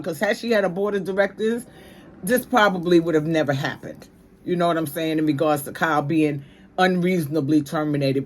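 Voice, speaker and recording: A woman's voice: on the low side, a little hiss or hum. Opinionated New woman ranting. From New York. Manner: emphatic, slangy, ranting. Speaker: commentary channel host. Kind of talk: opinionated commentary.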